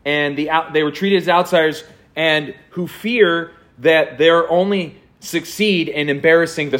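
A man giving a conversational sermon as a pastor, reading film dialogue and talking with frequent fillers and restarts. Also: mid-range voice.

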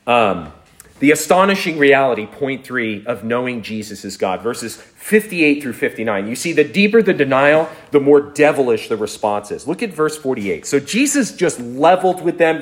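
A man's voice: medium pitch, sing-song, normal speed. A man preaching a sermon in a conversational, storytelling way, chuckling now and then. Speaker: pastor.

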